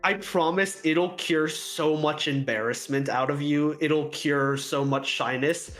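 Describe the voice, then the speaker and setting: A game master guest on a casual chat podcast, rambling and animated and full of ums. The pitch sits in the middle of the range. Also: measured pace, faint music behind. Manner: rambling, lots of fillers, lively.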